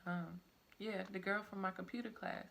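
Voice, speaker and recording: A woman's voice: mid-range voice, fairly even intonation, normal speed, vocal fry, a bit bright, slight background noise. A young woman telling a personal story in a loose, rambling way, with plenty of "like" asides. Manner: casual, rambling, full of "like" and "I'm like" asides.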